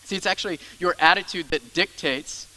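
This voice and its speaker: A young male pastor preaching with a bright, forceful voice that sits a little high. He drives his points home with repeated phrases, then drops suddenly quiet for asides. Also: brisk, rough recording. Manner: emphatic, with soft drops into grumbling asides. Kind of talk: sermon.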